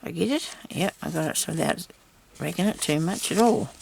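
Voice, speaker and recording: A woman crafts on camera for a tutorial, chatting casually to herself and her viewers and teasing herself with small laughs as she works. Her voice sits on the low side, a little mellow, with vocal fry, lively intonation, and a fairly quick pace. A little hiss or hum is audible.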